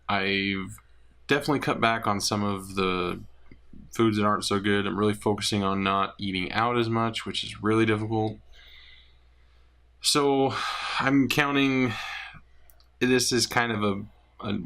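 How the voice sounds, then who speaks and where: A man giving a personal weight-loss update, talking candidly and haltingly with many pauses and fillers. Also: fairly low pitch, fairly even intonation, fairly bright tone. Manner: candid, rambling, hesitant with many ums. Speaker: vlogger.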